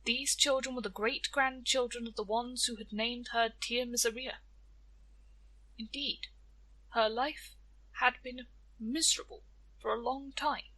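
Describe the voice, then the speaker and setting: Woman storyteller, bright tone, expressive storybook delivery. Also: a little high, low-quality recording. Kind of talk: storybook narration.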